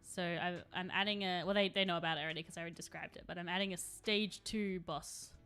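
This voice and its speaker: A woman's voice: lowish voice, fairly even intonation, fast, fairly bright tone, clean tone, faint music behind. A young adult woman chatting casually on a live stream while she paints, rambling and laughing often.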